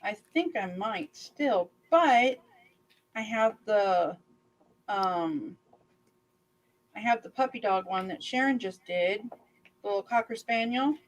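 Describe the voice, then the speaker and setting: A woman in her fifties hosting a crafting channel, chatting casually and rambling with many pauses. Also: mid-range voice, expressive, rough recording. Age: 50s. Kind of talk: casual chat on a video call.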